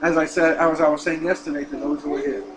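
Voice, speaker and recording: A man teaching a class as a rabbi, telling a story with lively delivery, repeating words and acting out the quoted lines. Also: on the high side, fast, noisy background. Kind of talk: storytelling lesson.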